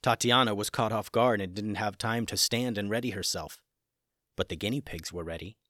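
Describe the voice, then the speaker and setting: A man's voice: fairly low pitch, moderate pace, dry recording, studio quality. Man telling a kids' adventure story. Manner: expressive, swings between hushed suspense and excitement. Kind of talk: children's adventure story narration.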